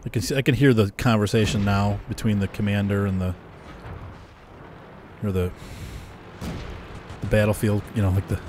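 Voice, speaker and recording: A man giving casual gameplay commentary in a relaxed, chuckling manner. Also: on the low side, normal speed, pauses often, noisy background. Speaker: game commentator.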